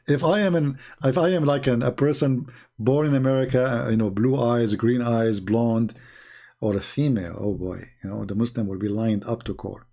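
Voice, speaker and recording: Gravelly-voiced man hosting a live stream. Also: mid-range voice, dark tone. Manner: retells exchanges, acting out quotes in a raised voice; repeats words and restarts sentences. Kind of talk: live-streamed debate talk.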